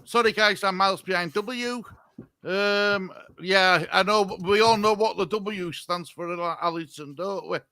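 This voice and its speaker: A man's voice: sits high, a little slow, pushed and bright, no echo. A man, co-hosting a casual live stream, chatty with viewers and flustered by the technology. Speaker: stream co-host.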